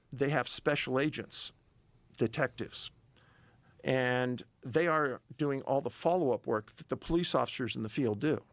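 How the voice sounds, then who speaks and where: Gravelly man telling a story. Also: medium pitch, fairly bright tone, dry recording. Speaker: podcast guest, missing-persons researcher. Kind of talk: casual storytelling interview.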